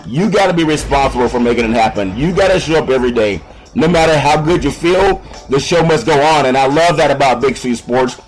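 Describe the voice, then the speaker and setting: A man hosting a casual sports radio talk show in an upbeat, folksy, rambling way, giving shout-outs to listeners. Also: mid-range voice, animated, brisk, soft background music, poor audio.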